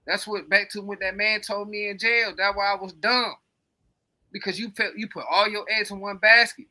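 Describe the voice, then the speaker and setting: A man's voice: sits high, level tone, moderate pace, pushed and bright. A man co-hosting a podcast, rambling in casual, profane, emphatic chat. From coastal United States. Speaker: podcast co-host.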